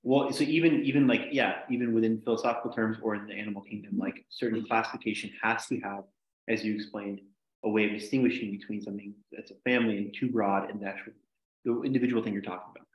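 A man's voice: fairly low pitch, fast. A man teaching a casual logic class, rambling with many "like"s and restarts. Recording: echoey room, dull lo-fi sound.

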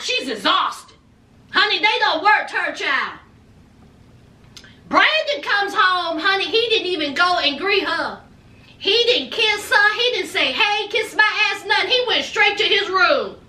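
A woman with a very high, bright voice gossips her way through a reality show recap at an unhurried pace. Her sassy asides keep coming. She sounds echoey and distant, as if the mic sits across a roomy space. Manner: sassy, gossipy, lots of "honey" and "child". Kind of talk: casual recap commentary.

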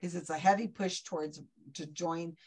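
A woman's voice: fairly low pitch, fairly even intonation, moderate pace, a little mellow, breathy edge. A woman hosting an online trivia night, talking in a chatty, enthusiastic, rambling way over a video call. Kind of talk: casual online group chat.

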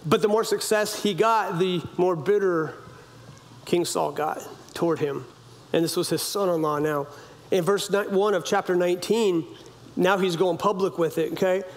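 A man's voice: high-pitched, fairly even intonation, normal speed. A male pastor preaching a sermon in a casual storytelling way, acting out quotes with playful sound effects and asking the congregation questions. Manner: conversational, asks congregation questions.

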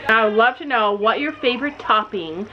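Brief: rambling mom vlogger at the barn, slightly high voice, muffled lo-fi sound. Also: female voice, animated, moderate pace, a little hiss or hum. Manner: chatty, rambling, lots of fillers. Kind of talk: casual vlog chat. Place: horse barn. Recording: dull lo-fi camera audio.

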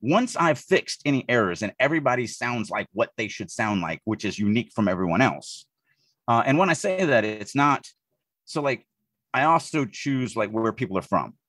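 A man from the Deep South, co-hosting a podcast and talking through writing edits in an animated way, often restarting his sentences. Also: moderate pace, no room sound. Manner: animated, thinks aloud with frequent restarts. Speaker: podcast co-host, writing editor. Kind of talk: casual podcast discussion.

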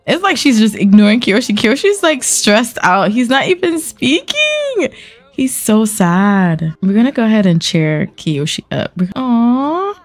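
A young woman hosting a let's play, talking to viewers in an animated, slangy, casual way. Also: medium pitch, a little slow, few pauses. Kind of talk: casual game commentary.

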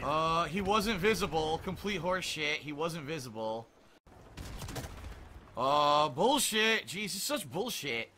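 A man's voice: on the high side, expressive, slow, noisy background. A man giving frustrated, swearing commentary over his own gameplay. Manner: frustrated, swearing, ranting at the game. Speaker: gaming commentator. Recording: faint gunfire behind voice. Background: game gunfire and explosions.

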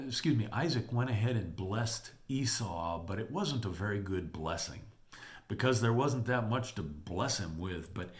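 A man with a fairly low voice teaches from scripture. He retells the story with lively animation and reads the verses aloud. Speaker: Bible teacher. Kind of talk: Bible teaching.

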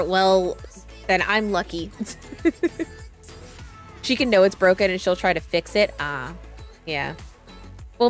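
Chatty, rambling woman streamer. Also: medium pitch. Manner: rambling, chatty, self-interrupting. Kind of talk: casual chat.

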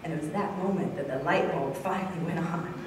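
A woman, an author and civil rights lawyer, telling a personal story in a conference speech, earnest and building up, then dropping to soft, intimate tones. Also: sits low, brisk, distant mic, crowd noise. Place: large conference hall. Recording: echoey hall, voice from afar.

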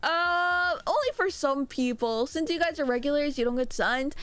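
High-pitched young woman from mexico rambling loud at her chat, jokes on herself. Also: no echo. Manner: loud, rambling, self-mocking, quick laughs. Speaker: streamer. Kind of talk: casual live-stream chat with viewers.

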